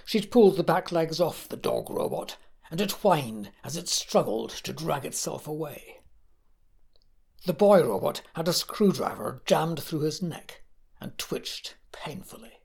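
Guy slowly reading a dark little story, raspy gravelly voice. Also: a little high, lively intonation.

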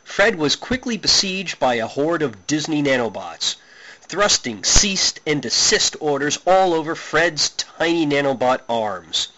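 A man reading his own comic short story aloud with a wry, deadpan delivery. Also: on the high side, a little slow, muffled recording.

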